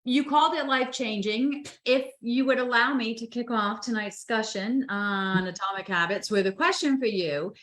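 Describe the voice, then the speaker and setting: A woman with a bright, forward tone chats casually on a live stream. She tells animated stories and acts out her own inner voice along the way. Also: on the high side, moderate pace, hardly any pauses. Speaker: co-host. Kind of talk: casual chat. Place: home, over a live stream.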